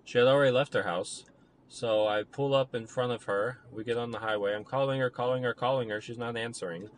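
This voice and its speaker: A man's voice: mid-range voice, fairly even intonation, a little fast, a little hiss or hum. A young man casually retelling a personal story, rambling with lots of fillers and criticizing himself.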